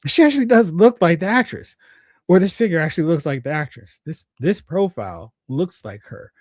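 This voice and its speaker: A man's voice: fairly high pitch, sing-song, fairly quick, darkish tone, no room sound, studio quality. A man hosting a live stream, chatting casually, thinking aloud and reading out viewer comments. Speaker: host.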